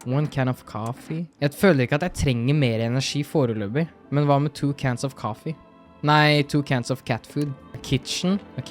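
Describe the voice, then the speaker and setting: A Norwegian-accented man talking through a horror game in casual let's-play style, reacting aloud and swearing often. His pitch sits in the middle range, with faint game music behind him. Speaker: gaming streamer.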